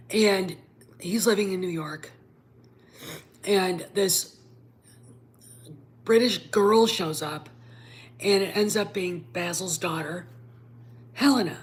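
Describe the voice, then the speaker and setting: A woman host giving a casual, rambling film review, emphatic and sometimes dropping to a whisper. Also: on the low side.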